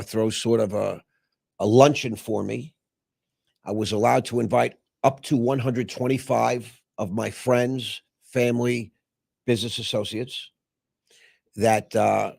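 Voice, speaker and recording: Gravelly man telling a rambling story. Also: on the low side, darkish tone, no echo, clean studio sound. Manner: rambling, with many filler pauses. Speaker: show host. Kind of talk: casual storytelling.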